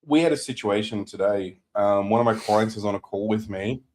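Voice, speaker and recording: Man, fairly low voice, casual podcast storytelling, acts out quotes. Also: brisk, slight background noise. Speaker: business podcast co-host. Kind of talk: casual business chat, telling a client story.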